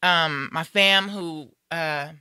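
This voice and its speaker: A woman's voice: low-pitched, takes it slowly, pushed and bright, smooth, no room sound, clean studio sound. A woman hosting a casual live talk show, chatty and rambling with many fillers and restarts. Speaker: host.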